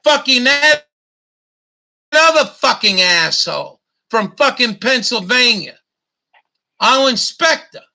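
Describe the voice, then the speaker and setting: A man hosting his own YouTube show, delivering an angry, profane rant with halting restarts and stumbles. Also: very high-pitched, animated, gravelly, bright, forceful tone. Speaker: YouTube host. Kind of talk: profane ranting monologue.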